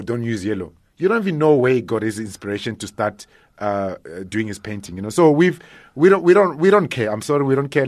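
Animated comedian, dry studio. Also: male voice, on the low side, no room sound. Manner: animated, laughs often, acts out jokes. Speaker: stand-up comedian guest. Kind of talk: casual radio interview. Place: radio studio.

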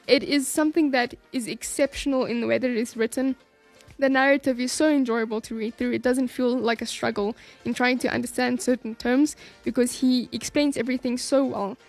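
A woman reading a book aloud in a calm, measured way, then giving her review of it. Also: fairly high pitch, soft background music.

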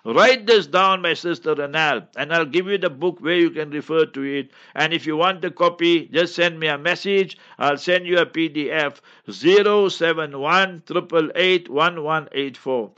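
An emphatic male mufti answers questions in a lecturing tone, hammering home each point. His voice is bright and forceful and sits a little high. The recording sounds dull and lo-fi. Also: normal speed. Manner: emphatic, instructive, repeats key points. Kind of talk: radio Q&A lecture.

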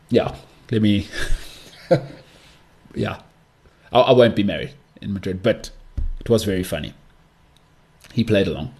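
A man's voice: fairly low pitch, a little mellow. A young man hosting a solo podcast, talking in a chatty, rambling way with mocking asides. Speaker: podcast host.

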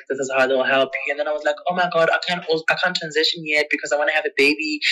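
A woman being interviewed, candidly telling a personal story with emotion and acting out past conversations in her own voice. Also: poor audio. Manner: emotional, acts out past conversations with lively pitch jumps; checks in with the listener often. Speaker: interview guest.

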